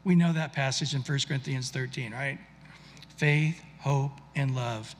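A man's voice: fairly high pitch, measured pace, big-room sound, slight background noise. A man preaching a sermon in an earnest, conversational way, often restarting his sentences. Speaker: pastor.

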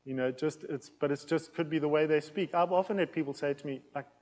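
A man preaching a teaching sermon in a plain, loud, conversational way, with an accent that he says can sound aggressive. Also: a little high, fairly quick, long reverb tail, low-quality recording. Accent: non-local accent in England. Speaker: pastor teaching a series.

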